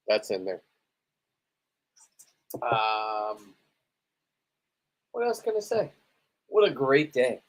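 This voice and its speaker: A loose, rambling man talks straight to his viewers on a livestream, a little tipsy after a few beers. He swears freely and boasts between stray asides in a casual, unscripted way. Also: medium pitch. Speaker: livestreaming spearfisherman.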